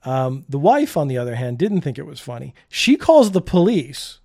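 A man's voice: mid-range voice, very animated, moderate pace, gravelly, darkish tone. A middle-aged man hosting a comedic news commentary show, delivering stories in a wry, sarcastic way and chuckling at his own jokes.

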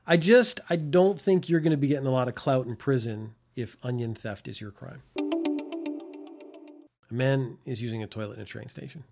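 A man's voice: medium pitch, normal speed, gravelly, loud music behind the voice. A man in his fifties giving casual commentary on news stories, wry and rambling, laughing at his own tangents. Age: 50s.

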